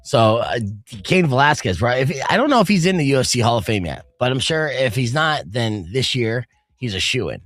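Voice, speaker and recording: Man, radio host, casual chat, animated pitch, dry studio sound. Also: normal speed, no room sound. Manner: relaxed, chatty, many uh fillers. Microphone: studio mic.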